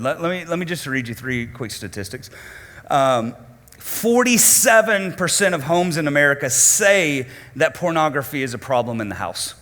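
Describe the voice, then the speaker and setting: A male lead pastor preaching a sermon to his congregation, dramatic, swinging between loud emphasis and hushed lows and putting direct questions to the room. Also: lively intonation, fairly quick, big-room sound. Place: church auditorium.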